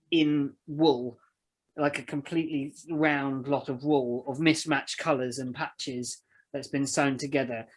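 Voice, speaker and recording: A game master describing scenes casually, rambling through halting descriptions with many fillers. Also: medium pitch, husky, rough recording. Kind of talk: casual tabletop game narration.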